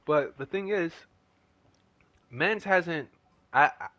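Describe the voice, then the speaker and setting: A man's voice: a little high, lively intonation, slow pace, sharp tone, no room sound. A young man chatting casually as a gaming streamer, telling a rambling story in slangy talk.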